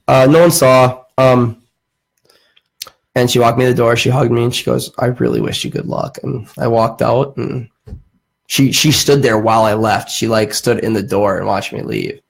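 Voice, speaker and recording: Creaky, husky young man telling stories. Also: medium pitch, fairly even intonation, moderate pace, rough recording. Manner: rambling, profane anecdotes with frequent fillers. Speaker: podcast host. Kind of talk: casual storytelling chat.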